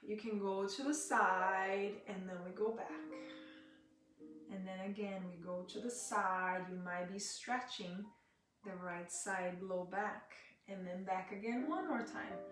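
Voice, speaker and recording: A woman with guides a gentle yoga class in an unhurried, high-ish voice, mixing breathing cues with friendly asides. She sits back from the mic in a very echoey room. Guitar music plays clearly underneath. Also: distant mic. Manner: soft, slow cueing with chatty asides to viewers. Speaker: yoga teacher.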